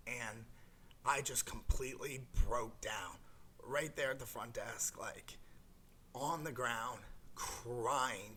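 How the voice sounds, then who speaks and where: Bright-voiced man telling a personal story. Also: medium pitch, a little hiss or hum. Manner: rambling, many fillers and restarts. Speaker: guest sharing a recovery story. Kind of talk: emotional personal testimony.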